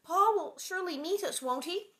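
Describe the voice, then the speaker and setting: A timid, frightened little pioneer girl, as a woman reader puts her on, asking anxious questions in a storybook. Her voice is high and sing-song, with lively swings in pitch. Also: moderate pace.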